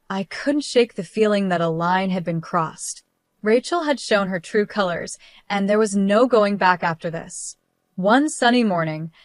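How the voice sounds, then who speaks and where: A woman narrating a first-person story in an even, measured reading. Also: mid-range voice, dry recording.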